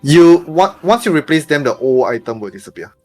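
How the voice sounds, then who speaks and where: A man's voice: a little high, big pitch swings, a little fast, darkish tone, faint music behind. A man co-hosting a gaming stream, explaining game rules plainly and reading character lines aloud. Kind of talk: casual let's-play chat.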